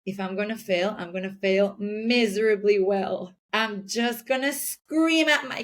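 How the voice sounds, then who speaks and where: A woman's voice: mid-range voice, unhurried, hardly any pauses. A woman talking earnestly in a casual podcast chat as a guest giving parenting advice, sometimes acting out little scenes. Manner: earnest, acts out little scenes in other voices.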